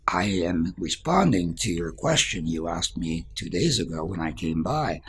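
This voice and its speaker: Man doing a calm wise master. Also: sits low, a little slow, husky, heavily acted. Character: calm old spiritual master, kind.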